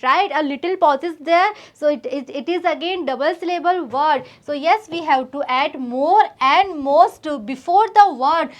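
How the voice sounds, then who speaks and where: A woman's voice: sits high, normal speed, few pauses. A woman with an Indian English accent teaching a grammar lesson, explaining patiently and often addressing the student directly. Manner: patient explaining, repeats "student" and "we are having".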